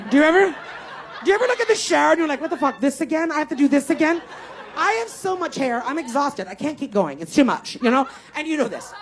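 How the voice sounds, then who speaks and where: A middle-aged woman from Canada doing a stand-up comedy set, talking in rapid asides with sudden loud, swearing outbursts. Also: on the high side, slight background noise. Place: comedy club stage. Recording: echoey room with crowd laughter. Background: audience laughter.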